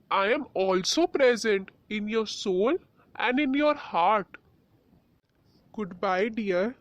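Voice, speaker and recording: Gentle father figure voiced by a woman, slow, soothing, dry sound. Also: mid-range voice, no room sound, highs cut off. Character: kind fatherly man, calm and loving.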